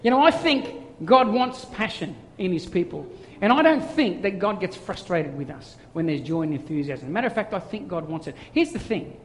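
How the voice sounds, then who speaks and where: A man delivers a sermon with lively, story-driven energy and slips into playful voices. His voice sits high for a man. The sound carries a long reverb, as if recorded in a large hall. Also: moderate pace, hardly any pauses, a little hiss or hum. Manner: animated storytelling, acts out voices. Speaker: pastor.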